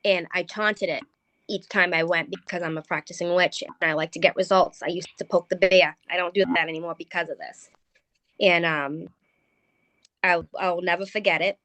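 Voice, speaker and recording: Woman guest, paranormal investigator, halting ghost story full of ums, dry close sound. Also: lowish voice, steady tone, a bit bright, dry recording. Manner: hesitant, many ums and restarts. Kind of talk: recounting a ghost story in conversation.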